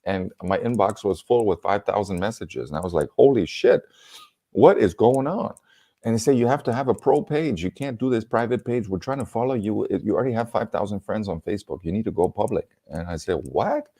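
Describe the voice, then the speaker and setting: Man, German accent, lowish voice, animated storyteller, laughs a lot, video call. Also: fast, hardly any pauses. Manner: animated, laughs often, acts out quotes. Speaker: comedian and storyteller. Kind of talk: casual storytelling chat.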